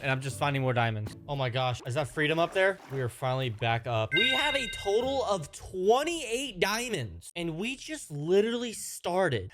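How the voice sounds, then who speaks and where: Excitable young man narrating gameplay. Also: medium pitch. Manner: excitable, jokey, quick exclamations. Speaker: gaming YouTuber. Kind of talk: Minecraft gameplay commentary. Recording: voice-over with music behind.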